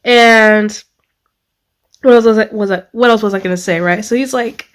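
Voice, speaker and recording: A woman book vlogger talking casually to the camera, gushing and excitable, rambling with many fillers and restarts. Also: mid-range voice, moderate pace. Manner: gushing, excitable, lots of exclamations. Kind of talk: casual reading vlog.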